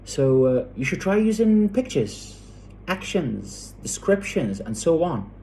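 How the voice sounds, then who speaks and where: A man's voice: on the high side, big pitch swings, takes it slowly, mellow, slight background noise. A man teaching classroom English who acts out the teacher phrases in a raised voice. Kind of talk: lecture on classroom language. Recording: echoey room, far from the mic.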